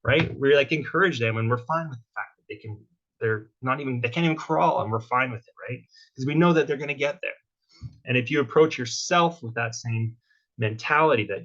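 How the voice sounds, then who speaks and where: A man's voice: mid-range voice, fairly quick, a bit bright. A man giving a casual motivational talk as a workshop guest speaker, checking in with tag questions like "right?" and "okay?". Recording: dull lo-fi sound.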